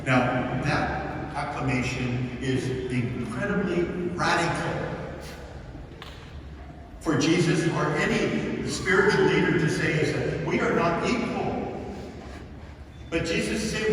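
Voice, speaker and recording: Man, priest, homily, animated storytelling, highish voice, very echoey church, audible room noise. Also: takes it slowly. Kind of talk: homily at a mass. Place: large old mission church. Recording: echoey church, distant mic.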